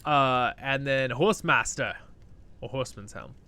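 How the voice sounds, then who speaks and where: A gaming channel host, sleepy after just waking up, gives casual gameplay commentary at his computer into a new desktop mic. His mid-range voice is clear and resonant and his pace measured, while his manner is relaxed and rambling with frequent chuckles.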